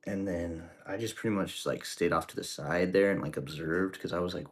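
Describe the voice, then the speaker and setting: A man's voice: low voice, moderate pace, slightly rough. A man streaming as he cooks, telling rambling stories in casual, profane slang. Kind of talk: casual storytelling while cooking.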